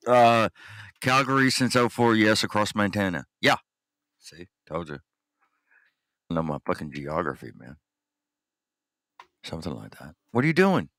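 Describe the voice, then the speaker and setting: A man's voice: fairly low pitch, sing-song, moderate pace, pauses often, a bit bright, no room sound, clean studio sound. A Texan man hosting a podcast, chatting casually and crudely, reading listeners' messages aloud. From Texas. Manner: crude, rambling, reads chat aloud. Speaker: podcast host. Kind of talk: casual live-stream chat.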